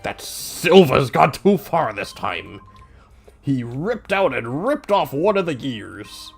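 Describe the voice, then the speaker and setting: Man doing a bruised older game chief, measured and earnest, quieter than his own talk. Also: medium pitch, big pitch swings, creaky, breathy edge, faint music behind, heavily acted. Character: hurt older male town chief, steady.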